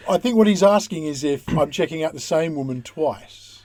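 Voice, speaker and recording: A man's voice: on the high side, lively intonation, moderate pace, darkish tone. A man chatting casually on a podcast as co-host, wry and matter-of-fact. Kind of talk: casual chat.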